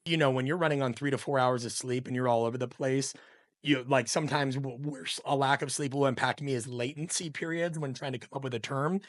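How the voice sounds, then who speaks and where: A man's voice: mid-range voice, steady tone, a little fast, dry recording. A middle-aged man speaking as a podcast guest, an opinionated coach talking in a passionate, emphatic, ranting way. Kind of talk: podcast conversation.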